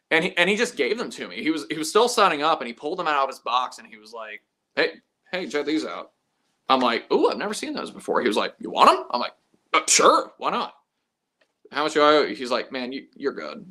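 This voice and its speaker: A man hosts his own live stream, telling stories to the viewers in a loose, chatty way. His pitch swings widely as he acts out both sides of each exchange. His voice has a bright, forceful edge, and he swears without a second thought. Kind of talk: casual storytelling to chat.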